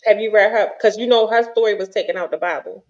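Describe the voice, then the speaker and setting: A woman's voice: medium pitch, fairly even intonation, fast talker, a little mellow. Chatty woman on a dull-sounding line. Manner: chatty, storytelling, trails off mid-sentence. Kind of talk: casual chat.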